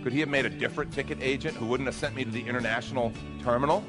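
Animated male pastor telling a story. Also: medium pitch, rapid-fire, music in the background. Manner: animated, acts out dialogue in his story. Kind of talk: sermon storytelling.

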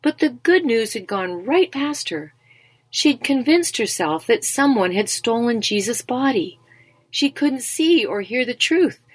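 A woman reading a scripted Bible devotional in a gentle, encouraging, measured way. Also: fairly high pitch, very animated, breathy edge, no room sound. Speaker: devotional speaker.

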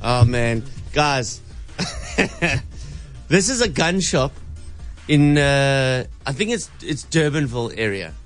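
A man as a radio host, building up a story with a slow, teasing delivery. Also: mid-range voice, expressive, faint music behind. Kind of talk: radio show setup.

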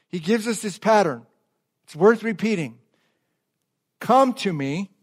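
A man preaching a sermon as pastor, calling on the congregation to repeat phrases and drawing out key words slowly for emphasis. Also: sits high. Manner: call-and-response, asks the congregation to repeat phrases. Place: church service before a congregation.

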